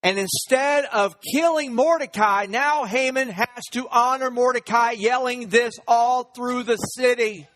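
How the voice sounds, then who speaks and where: A man's voice: extremely high pitch, measured pace, few pauses, a bit bright. A man preaching a sermon, retelling a story and acting out the characters' lines. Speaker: pastor.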